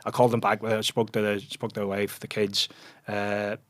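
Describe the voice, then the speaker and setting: A man in his forties with a Northern Irish accent, a podcast guest telling relaxed stories in casual chat, often restarting his sentences around fillers. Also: fairly low pitch, moderate pace. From Northern Ireland.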